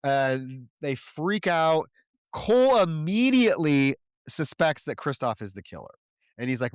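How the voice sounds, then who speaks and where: A male podcast co-host retells a film's plot in loose, profane chat, slipping into characters' lines as he goes. His voice is smooth and resonant. The recording is close and dry. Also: a little high, animated, normal speed, dry recording. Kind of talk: casual plot recap.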